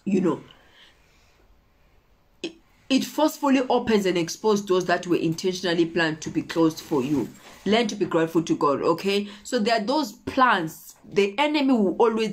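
A woman's voice: mid-range voice, animated, moderate pace. A woman preaching a motivational sermon, repeating her points and checking in with her listeners. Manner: repetitive, exhorting, often checking in with "okay?".

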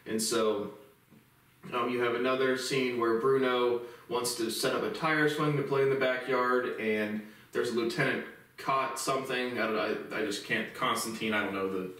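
Male film reviewer, mid-pitched, loose and halting delivery, distant mic in a booming room. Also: fairly even intonation, a bit bright. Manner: rambling, halting with many fillers and restarts. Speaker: movie reviewer. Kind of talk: casual spoken film review. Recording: very echoey room, voice far from the mic.

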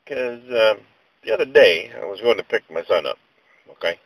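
A man's voice: lowish voice, expressive, moderate pace, dry recording, low-quality recording. A man vlogging a casual rant, telling stories in a rambling, exasperated way with mild slang.

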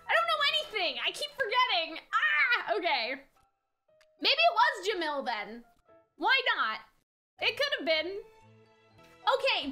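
A woman's voice: very high voice, sharp tone. A young woman streaming, reacting casually to a game with giggly, rambling chatter.

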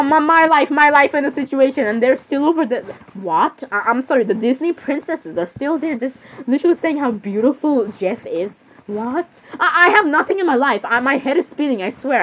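A woman running a solo role-play, switching quickly between the voices of many characters and giggling often. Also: sits high, a little hiss or hum.

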